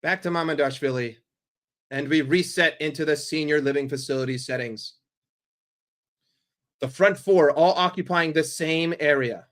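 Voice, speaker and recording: A man gives live football commentary on his watchalong stream, sarcastic and full of swearing. His voice sits somewhat high with a very bright, forceful edge. He drops into low grumbling and then bursts into loud yells. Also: normal speed, pauses often. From New York. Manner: profane, sarcastic and excitable, swinging from grumbling to yelling.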